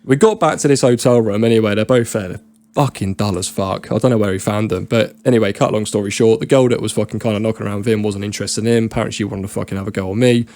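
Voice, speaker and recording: A man's voice: on the low side, fast talker, a little mellow. A man with a British accent, a podcast guest telling rambling, laddish stories full of slang and swearing. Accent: British English. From Britain. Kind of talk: casual storytelling chat.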